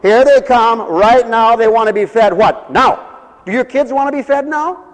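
A man preaching with a high, lively voice that carries through a hall with long reverb. He is a pastor, and he acts out the voices of the people in his stories. He laughs often as he preaches. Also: moderate pace. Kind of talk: lively sermon.

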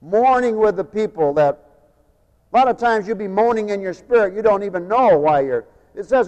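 A man with a fairly high voice delivers a sermon to his congregation. He swings from emphatic, raised phrases down to quiet, personal storytelling. The recording is a dull, lo-fi tape, with long reverb from the hall. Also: animated, normal speed. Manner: emphatic preaching, rising pitch on key phrases, quieter storytelling asides. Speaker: preacher.

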